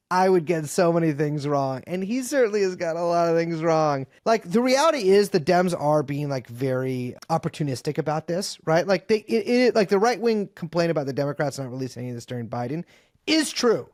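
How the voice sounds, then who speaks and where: Rambling, profane man, fairly high voice. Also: darkish tone, dry recording, studio quality. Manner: rambling, profane, lots of fillers and restarts. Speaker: podcast guest. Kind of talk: casual political chat.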